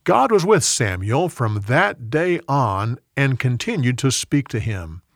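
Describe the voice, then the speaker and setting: A man reads a Bible story aloud at an unhurried pace, his pitch moving with lively expression. The recording is dry and close, with no room sound. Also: dry recording.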